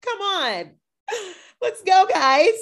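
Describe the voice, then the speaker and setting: A woman hosting a podcast in casual chat, animated and playfully shady, acting out reactions. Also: very high-pitched, very slow. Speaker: podcast host.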